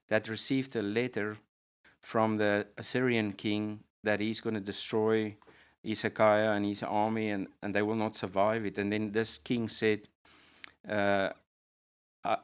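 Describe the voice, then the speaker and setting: A man's voice: on the low side, clear, resonant tone. A man, a pastor, earnestly telling a personal testimony in conversation, with frequent restarts. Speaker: pastor and guest.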